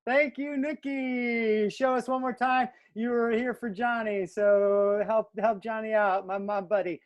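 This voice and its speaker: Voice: mid-range voice, fairly even intonation, a little slow, dry recording, muffled recording. A host speaks in a casual, informal manner, thanking one performer and welcoming the next onstage. The delivery is loose and unscripted. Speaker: event host. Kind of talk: casual live introduction.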